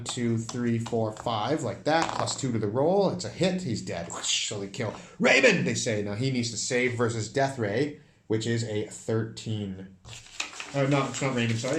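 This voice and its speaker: A man running and narrating a solo tabletop game, counting dice rolls out loud in an animated way. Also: lowish voice, reverberant, a little hiss or hum. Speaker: solo game master and player.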